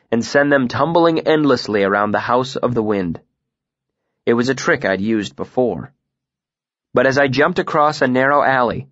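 A man narrates a first-person fantasy tale at a measured, steady pace, his voice in the middle register. The recording is dry and close, with a slightly dull, muffled top end. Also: mid-range voice, no room sound. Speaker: audiobook narrator.

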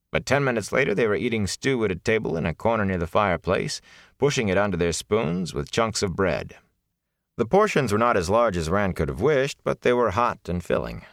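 A man narrating a fantasy novel in measured, expressive storytelling. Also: low-pitched, no echo, clean studio sound. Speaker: audiobook narrator.

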